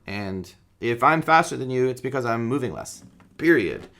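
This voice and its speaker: A man's voice: mid-range voice, expressive, normal speed, fairly bright tone. A man teaching a guitar rhythm lesson in a casual, joking way, counting beats aloud while he strums.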